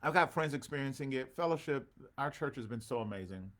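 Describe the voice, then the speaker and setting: A man's voice: mid-range voice, lively intonation, a little fast, a bit bright. A man, a pastor hosting an online show, talking casually with his congregation and calling out to viewers by name, with preacher-like swells. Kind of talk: casual livestream talk with a congregation.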